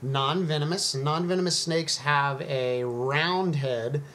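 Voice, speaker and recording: A man's voice: a little high, slow, a bit bright, a little hiss or hum. A man hosting his own video, explaining snakes in a chatty, easygoing way with frequent ums and uhs. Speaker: snake educator and video host. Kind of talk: casual educational talk to camera.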